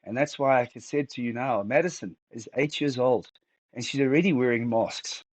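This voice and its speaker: A middle-aged man speaking candidly as an interview guest, halting and emotional, close to tears and restarting his sentences often. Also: mid-range voice, dry recording, low-quality recording.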